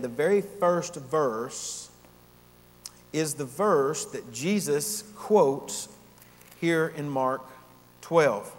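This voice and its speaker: Man preaching in a reverberant hall. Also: a little high. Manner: earnest teaching, rising emphasis on key points. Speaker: pastor. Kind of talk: expository sermon.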